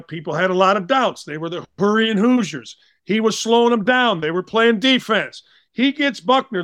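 A man in his sixties telling blunt, animated sports stories as a podcast guest. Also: sits high, no room sound. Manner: blunt, animated, slangy anecdotes. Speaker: guest, former college basketball player. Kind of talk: casual storytelling.

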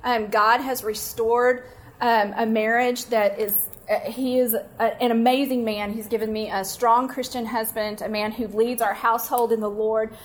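A middle-aged woman leading a women's conference breakout, teaching from scripture through a personal story told with animated, self-mocking humor. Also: fairly high pitch, normal speed. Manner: warm, animated storytelling, laughing at herself.

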